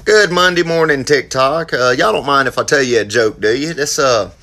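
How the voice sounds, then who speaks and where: Bright relaxed man telling a joke. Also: medium pitch, normal speed. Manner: relaxed, hesitant, many uhs. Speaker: joke teller. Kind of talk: casual joke telling to camera.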